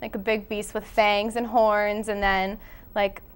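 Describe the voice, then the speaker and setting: A woman's voice: mid-range voice, little pitch movement, a little slow, clean tone. A young woman, a student actor, chatting casually and giggly in an interview.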